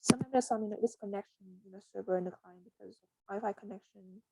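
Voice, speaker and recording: Halting woman walking through a coding tutorial. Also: medium pitch, vocal fry, a little mellow, slightly rough, dry recording, poor audio. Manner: hesitant, halting, with frequent restarts and pauses. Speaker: software tutorial presenter. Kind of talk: casual screen-recorded coding walkthrough.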